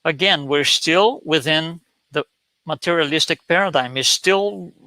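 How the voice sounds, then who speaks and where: A man's voice: on the high side, a little slow, bright, forceful tone, dry recording, low-quality recording. A man presenting an online talk with slides, telling a story with many hesitations and repeated words.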